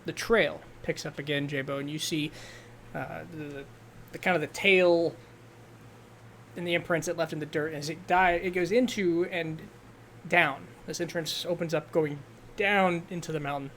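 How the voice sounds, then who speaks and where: A man narrating as game master of an online tabletop game, halting and relaxed, with fillers. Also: fairly high pitch, slight background noise.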